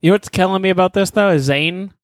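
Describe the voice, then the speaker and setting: A man's voice: high-pitched, quick pace, no echo. A man improvising a crude, rambling comedy story as host, with heavy profanity.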